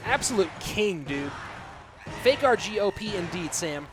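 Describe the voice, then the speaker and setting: A man casting a live online game tournament, calling plays and chatting with viewers in an excitable way. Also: sits high, measured pace, music in the background. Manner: excitable, hyped shout-outs to viewers. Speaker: esports caster and streamer. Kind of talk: live game commentary reading chat.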